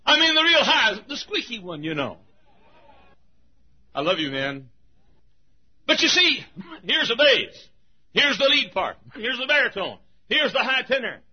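Man, pastor, preaching a sermon: high husky voice that swoops widely, quick laughs and shouts, dull lo-fi church recording. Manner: lively, laughing often, shouting for emphasis. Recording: dull lo-fi sound.

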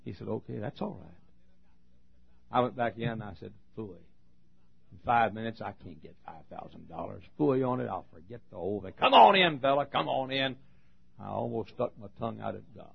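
Gravelly-voiced preacher telling a story. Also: male voice, on the low side, fairly quick. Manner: emphatic, swings from loud to hushed. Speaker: pastor. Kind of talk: storytelling sermon. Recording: dull lo-fi recording.

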